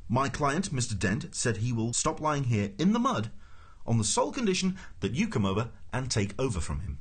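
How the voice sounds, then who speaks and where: Man reading as a smooth-talking schemer, breezy and persuasive, lively and a bit husky. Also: mid-range voice, moderate pace, voice pushed up.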